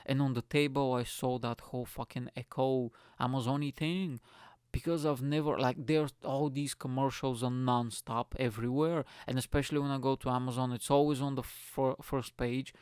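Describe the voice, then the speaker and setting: A man's voice: mid-range voice, moderate pace, smooth, no echo. Rambling, profane man hosting a podcast. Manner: rambling, profane, animated storytelling. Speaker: podcast host. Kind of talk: casual solo podcast rant. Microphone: studio microphone.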